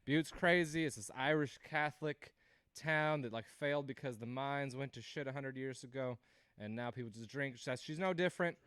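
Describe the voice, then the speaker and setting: A man's voice: medium pitch, moderate pace, a bit bright, clean tone, dry recording. A man in his thirties doing a rambling, self-deprecating stand-up set on a livestream, laughing at his own jokes. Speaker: stand-up comedian hosting a livestream.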